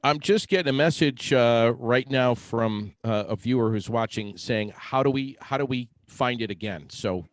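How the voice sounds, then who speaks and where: A man co-hosting a casual chat, teasing and pushing the other speaker to slow down and repeat himself. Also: mid-range voice, dry recording. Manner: teasing, pushy, demanding repeats. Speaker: co-host.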